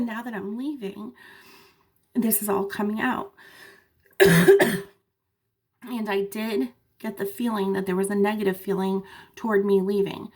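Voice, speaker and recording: A woman vlogger telling a story in casual chat, animated, with laughing asides and many fillers, fighting off a cough. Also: mid-range voice. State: sick with a cough.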